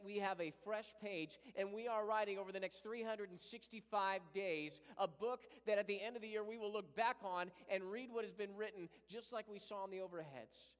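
A man pastoring a church, leading a fervent prayer and preaching a sermon with repeated invocations. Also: sits high. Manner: rising to impassioned preaching. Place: church sanctuary. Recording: long hall reverb.

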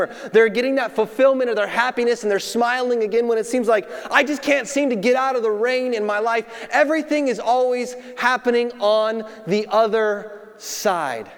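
A man preaching in a church sanctuary with a very high voice, moving from a fishing story into scripture. He talks to the congregation directly and keeps his delivery casual. The sound rings with long reverb from the hall. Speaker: pastor. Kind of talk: sermon.

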